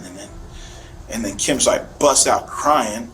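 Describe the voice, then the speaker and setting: A man's voice: mid-range voice, measured pace, a bit bright, slight background noise, poor audio. A man, a father, emotionally retelling events in a recorded police interview, rambling and searching for words.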